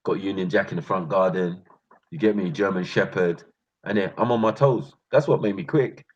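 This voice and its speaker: A man's voice: low-pitched, moderate pace, breathy edge. A man from North London with a London accent, telling street stories in a laughing, slangy way. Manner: laughing, slangy, animated storytelling. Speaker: channel host. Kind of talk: casual storytelling monologue. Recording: dull lo-fi recording.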